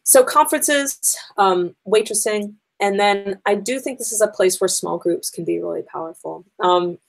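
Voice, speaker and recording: A woman's voice: mid-range voice, steady tone, moderate pace, gravelly, rough recording. A woman educator giving a conversational conference talk to teachers, explaining her points step by step with frequent ums.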